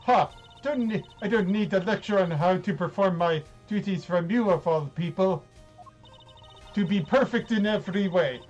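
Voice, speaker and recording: A man's voice: high-pitched, normal speed, lo-fi sound, soft background music, close to an everyday voice. A man voicing a haughty young female prosecutor in a mock German accent, cold and scolding. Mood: imperious. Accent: put-on German. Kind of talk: reading game dialogue aloud.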